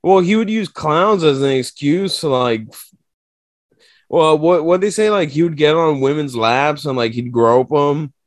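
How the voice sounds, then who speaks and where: A man talks on a podcast in loose, swear-heavy chat, acting out stories with animated energy. His voice sits a bit high, and the close mic sounds dry with no room echo. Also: unhurried. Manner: profane, animated storytelling with mock voices. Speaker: podcast co-host.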